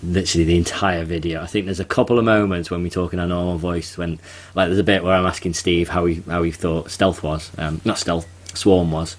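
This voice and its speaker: Podcast co-host, male, very low voice, chatty, jokey asides. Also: flat delivery. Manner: chatty, quick asides, laughs at own jokes. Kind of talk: casual podcast chat.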